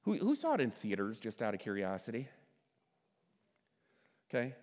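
A middle-aged man preaching a sermon in a conversational way, asking his listeners questions and slowing down to stress key words. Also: on the low side, huge pitch swings, darkish tone. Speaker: pastor. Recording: long hall reverb.

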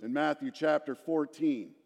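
Middle-aged male preacher, high voice, lively storytelling sermon, hall reverb. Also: a little slow, gravelly. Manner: animated storytelling, asks the congregation questions. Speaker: pastor.

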